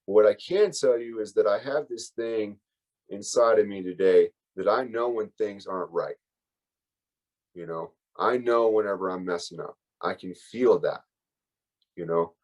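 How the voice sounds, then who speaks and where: A man's voice: fairly low pitch, unhurried, rough recording. A man giving a candid, emotional personal recovery share as a workshop speaker, rambling and full of fillers.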